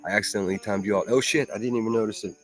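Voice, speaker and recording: A man's voice: on the low side, fairly even intonation, racing, faint music behind. A man hosting a livestream, chatting casually and mocking clips with frequent laughter and swearing. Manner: profane, laughing, rambling mockery. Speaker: livestream host reacting to clips.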